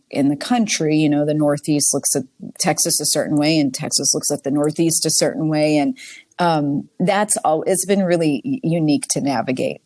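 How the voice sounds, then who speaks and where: A woman's voice: sits low, darkish tone, dry recording. A woman in her forties from the US Northeast, a guest in a casual interview, telling chatty stories and acting out what she and others said. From Boston, US Northeast. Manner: chatty storyteller who acts out her own quotes. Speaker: guest, nonprofit CEO.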